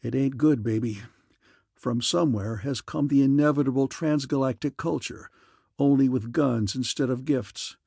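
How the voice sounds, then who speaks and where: A burly young pilot , voiced by a male reader, who speaks flatly and bluntly, with a gritty edge. The husky voice is dry and close in an audiobook. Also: mid-range voice, moderate pace, no echo. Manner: toneless, gritty.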